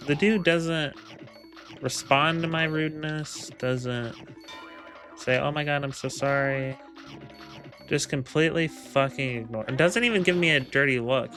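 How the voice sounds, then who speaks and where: A man casually telling a rambling, profane story, full of ums, laughs and quoted lines. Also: medium pitch. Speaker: gaming video creator. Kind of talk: casual storytelling over gameplay.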